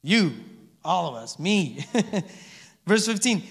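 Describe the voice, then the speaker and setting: Male pastor, high voice, chatty sermon style, echoey church hall. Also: big pitch swings, slow, vocal fry, pauses often, breathy edge. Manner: conversational preaching with frequent "amen?" and "okay?" checks. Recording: reverberant hall.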